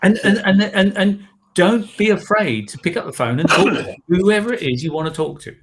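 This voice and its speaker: A man co-hosting a live chat, telling anecdotes in an animated way. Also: sits high, normal speed, a little hiss or hum. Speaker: co-host.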